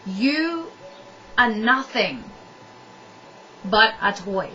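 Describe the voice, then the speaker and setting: A young woman gives relationship advice head-on to the camera, bluntly, driving points home through repetition. Her medium-pitched voice is expressive and sharp, and she speaks slowly with frequent pauses. The lo-fi sound is dull and distant, with a faint hiss of noise.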